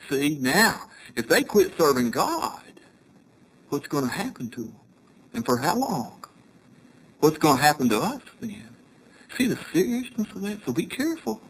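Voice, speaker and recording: Middle-aged guy preaching, high voice, lively ups and downs, bit of hiss. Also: moderate pace, pauses often, rough recording. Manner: storytelling, questioning the audience. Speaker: congregation speaker. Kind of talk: sermon.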